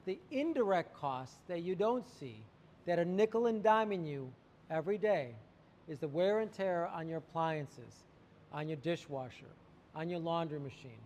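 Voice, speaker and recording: A man's voice: on the high side, in a large hall, slight background noise. A man talking about water treatment to camera, telling a client story animatedly and acting out the quotes. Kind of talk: sales talk to camera.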